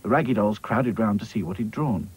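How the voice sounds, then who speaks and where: A man narrating a children's cartoon in a gentle, unhurried storytelling manner. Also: on the low side, husky, faint music behind, low-quality recording.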